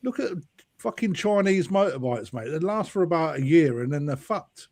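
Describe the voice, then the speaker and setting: English man, blunt, swears a lot, slightly high voice. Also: lively intonation, moderate pace, darkish tone. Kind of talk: casual live chat.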